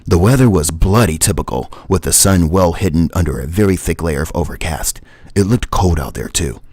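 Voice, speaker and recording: A man hosting a livestream, reading his own travel story and then chatting about it in a relaxed, rambling way. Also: low voice, a little fast, husky, no room sound. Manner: relaxed storytelling with fillers and chuckles. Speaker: livestream host and flight sim reviewer.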